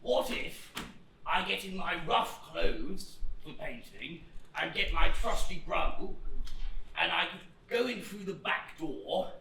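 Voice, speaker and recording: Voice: mid-range voice, expressive, takes it slowly, vocal fry, sharp tone, a little hiss or hum, exaggerated voice. A student actor playing an eager, rambling old home guard corporal on stage, flustered and hesitant, recorded from far off in an echoey hall. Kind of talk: amateur stage acting.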